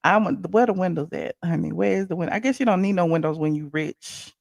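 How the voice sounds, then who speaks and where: A woman hosting a casual live-stream commentary, animated and excitable, chatting with her viewers in asides. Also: fairly low pitch, fast talker, creaky, no room sound, clean studio sound. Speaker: commentary channel host.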